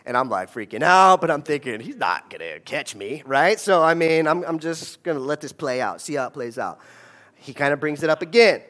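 A man's voice: fairly high pitch, brisk, a bit bright. A man giving a conversational storytelling talk, often checking in with his audience. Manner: conversational, asks the audience "right?".

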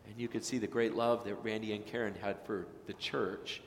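A male pastor preaching a sermon, rising to loud emphatic peaks and dropping to hushed, slow phrases. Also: on the low side, flat delivery, roomy sound, big-room sound, slight background noise. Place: church sanctuary.

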